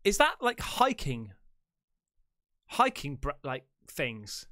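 A man's voice: a little high, huge pitch swings, slow pace, bright, forceful tone, slight background noise. A man hosting a movie reaction, swearing freely and laughing as he calls everyone mate. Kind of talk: casual reaction commentary.

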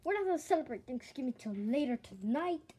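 Woman, high bouncy voice, runs a toy skit and swaps character voices. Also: brisk, breathy edge. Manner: excitable, switches voices between characters. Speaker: toy skit narrator and voice performer. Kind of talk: playful toy role-play skit.

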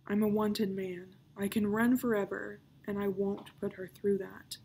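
A woman's voice: mid-range voice, flat delivery, measured pace, gravelly, darkish tone, slight background noise. A woman reading aloud, voicing a brooding, fatalistic male pirate captain of about thirty who talks in grim growls.

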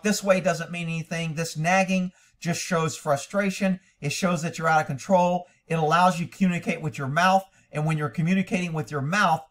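A man's voice: high-pitched, recorded from a distance. A man critiquing a training video as a horse trainer, blunt, profane and lecturing.

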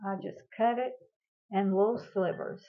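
A woman's voice: medium pitch, steady tone, moderate pace, phone-quality sound. An older woman, hosting a casual home cooking demonstration in a chatty, homey way and talking to her viewers as y'all. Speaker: cooking show host.

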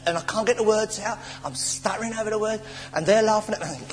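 An English man preaching a sermon in a church, telling stories with animated stammers and sighs. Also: sits high, quick pace, over music. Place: church hall. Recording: old church sermon tape in a reverberant hall with faint hiss.

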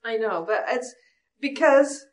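A woman's voice: on the high side, animated, slow, rough recording. A woman calling in, speaking hesitantly and earnestly about her personal troubles. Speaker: caller. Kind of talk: personal confession on air.

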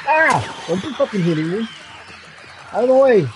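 A man with a high, animated voice streams a video game live. He curses and shouts at the screen, begging the characters to move and open doors. His frustration carries through his commentary. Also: normal speed, a little hiss or hum. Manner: profane, yells and pleads at the game. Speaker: gamer streamer.

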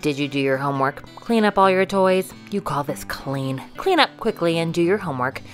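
A woman voicing a strict father who fires off brisk, nagging orders to his child. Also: sits low, expressive, faint music behind. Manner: brisk rapid-fire commands.

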